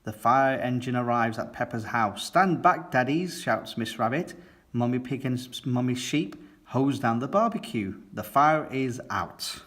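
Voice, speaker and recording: A man reading a picture book aloud to children, gentle and friendly. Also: medium pitch, unhurried. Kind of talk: read-aloud storytelling.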